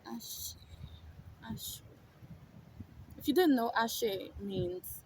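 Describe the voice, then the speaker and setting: A woman in her thirties talks slowly through a casual spiritual monologue, her voice sitting a little high. She drifts from hushed whispers into emphatic declarations, and room ambience is clearly audible behind her. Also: sing-song, a little hiss or hum, rough recording. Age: 30s. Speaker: spiritual content creator.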